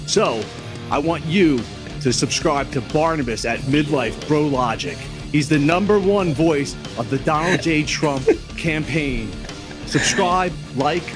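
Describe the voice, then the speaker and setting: رجل يقلد رئيساً متبجحاً بصوت عال مع موسيقى غيتار. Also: male voice, a little high, natural voice. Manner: bombastic campaign-ad delivery. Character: impression of a boastful male former president. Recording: clip played with guitar music behind.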